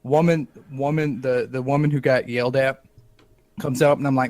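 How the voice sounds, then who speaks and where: A man co-hosting a podcast, telling a comic story in a wry, animated way and acting out the dialogue. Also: medium pitch, moderate pace, no room sound. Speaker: podcast co-host.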